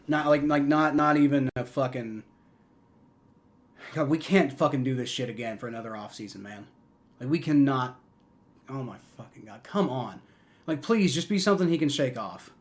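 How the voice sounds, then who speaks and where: A man's voice: fairly high pitch, fairly bright tone. A man doing live fan reaction and play-by-play for a football game, rambling and profane, moving from anxious mumbles to furious rants. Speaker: fan livestream commentator.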